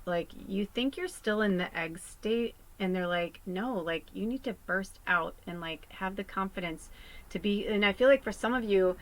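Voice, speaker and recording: A young adult woman talks through a psychic reading, earnest and emotional. Her voice sits mid-pitch, and she rambles, filling her sentences with fillers as she reads for her viewers. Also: normal speed, poor audio. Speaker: psychic tarot reader. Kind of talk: channeled collective reading.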